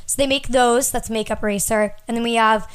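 A woman's voice: fairly high pitch, fairly even intonation, a little fast, clean tone. Chatty woman co-hosting a podcast. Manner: rambling, filler-heavy, giggly. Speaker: podcast co-host. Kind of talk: casual podcast chat. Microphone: close studio mic.

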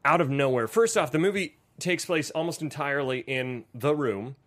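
A man's voice: fairly high pitch, moderate pace, a bit bright. Laughing, profane young man hosting. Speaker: podcast co-host. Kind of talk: casual movie-review chat.

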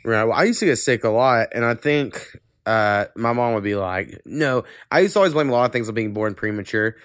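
A man's voice: mid-range voice, animated, brisk, a bit bright, clear, resonant tone, dry recording, clean studio sound. A man hosting a podcast, talking in casual chat, rambling and swearing freely while congested with a cold. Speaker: podcast host.

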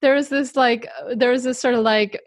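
Lively woman author answering questions, laughs a lot, dry no-room sound. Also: a little high, fairly quick, dry recording. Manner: lively, laughs often, self-deprecating. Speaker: author guest. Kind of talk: conversational interview answer.

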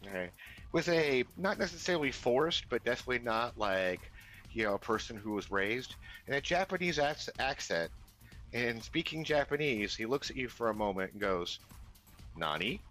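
As game master of a tabletop game, a man narrates in a rambling way, full of fillers and restarts. His mid-range voice is animated and fairly bright at a normal speed, with soft music playing in the background.

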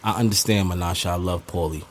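A man's voice: deep voice, fast talker, slight background noise. A man co-hosting a podcast, in casual banter, ribbing his partner in a heated, profane way. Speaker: podcast co-host.

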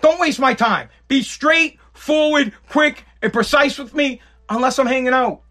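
A podcast host in his thirties rants casually in a very high voice that sounds pushed and bright, though he doesn't hurry. He swears plenty and repeats himself.

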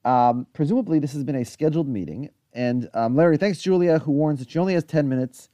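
A man's voice: on the high side, fast, warm tone, no echo. A man co-hosting a podcast, casually recapping a TV episode in chatty detail with lots of asides. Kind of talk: casual chat.

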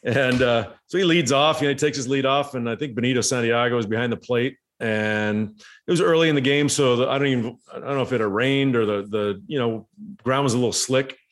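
A middle-aged former baseball player telling relaxed anecdotes in casual conversation. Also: male voice, mid-range voice, brisk. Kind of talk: casual storytelling.

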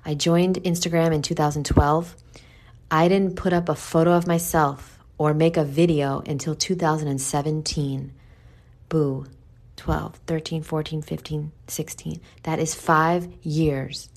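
A low-voiced woman with a New York accent talks straight to her audience. Her delivery is blunt and profane, and she calls the listener boo. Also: level tone, a little slow. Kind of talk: candid monologue.

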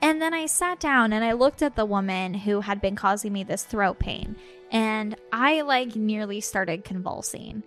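A young woman, a podcast host and medium, telling a story in casual chat, animated and swearing freely as she acts out what people said. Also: medium pitch, measured pace, soft background music.

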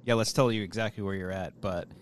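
A man's voice: on the low side, fast talker, clear, resonant tone. Laughing young man hosting a casual podcast. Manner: laughs often, tells stories with put-on voices. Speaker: podcast host. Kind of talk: casual chat.

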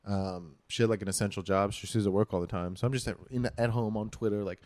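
Male podcast host, animated ranting, swearing, dry close mic. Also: on the low side, fast, no echo. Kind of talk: casual chat.

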